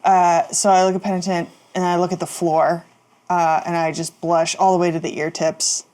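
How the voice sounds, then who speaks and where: Soft-spoken woman player, lowish voice. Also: flat delivery, moderate pace, clear, resonant tone. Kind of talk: tabletop game role-play.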